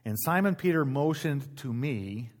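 A middle-aged male pastor preaching in a church, reading scripture aloud and explaining it in a relaxed, conversational way, with asides to the congregation. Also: mid-range voice, unhurried. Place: church sanctuary.

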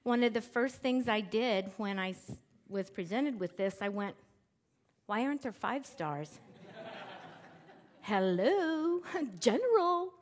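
A woman's voice: fairly high pitch, slow. A middle-aged woman preaching a sermon in a church, talking casually to the congregation and acting out the quotes she reads. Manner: conversational and animated, acts out quotes with shifting emphasis. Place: church sanctuary with screens.

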